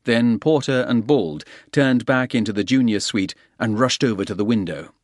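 A man narrating a thriller audiobook in a steady, brisk reading. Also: mid-range voice, dry recording, clean studio sound. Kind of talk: scripted narration.

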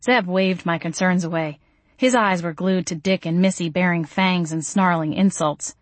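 A woman's voice: on the low side, moderate pace, dry recording. A woman narrating a first-person audiobook in a wry, self-mocking way.

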